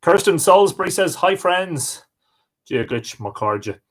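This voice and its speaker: A man's voice: high voice, sing-song, measured pace, fairly bright tone. A man with an Irish accent hosting a live stream from home, cheerfully greeting viewers by name. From Ireland. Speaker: host.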